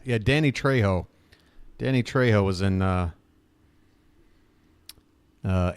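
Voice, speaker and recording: A man hosting a live stream in casual chat, ranting with sarcasm and animated outbursts while reading chat names. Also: medium pitch, clean tone, no room sound.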